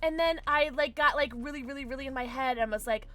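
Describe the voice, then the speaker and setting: A woman's voice: high voice, quick pace. A woman streaming a video game live, chatting with her viewers, squealing greetings and swearing casually. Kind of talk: live gaming stream chat. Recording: noisy stream with steady background hiss.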